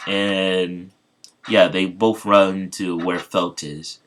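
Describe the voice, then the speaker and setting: A man's voice: deep voice, little pitch movement, very slow, a bit bright, slight background noise. A man casually retelling an improvised fan story, rambling with many fillers and restarts.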